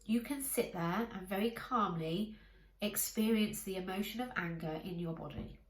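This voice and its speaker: Calm woman coaching, echoey room. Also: mid-range voice, normal speed. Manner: calm, encouraging, speaks directly to listener. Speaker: life coach. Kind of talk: coaching talk to camera.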